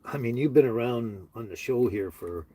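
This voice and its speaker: A man hosting a casual livestream on his phone, talking slowly to viewers with many fillers and halting restarts. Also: mid-range voice, dark tone, slightly rough. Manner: slow, halting, sympathetic talk with many fillers. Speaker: livestream host. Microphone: handheld phone.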